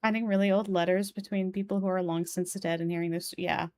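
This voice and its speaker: A woman's voice: lowish voice, flat delivery, a little fast, darkish tone. Polish-accented woman streaming a game. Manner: chatty, thinks aloud, reads game text and chat aloud. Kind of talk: live game stream commentary.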